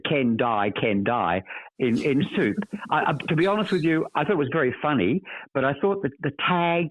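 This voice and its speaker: On a dry, tinny line that sounds like a phone, an older Australian actor shares stories as a podcast guest. His voice is on the high side and expressive at a normal speed, and he rambles expansively, repeating words as he hunts for the right one.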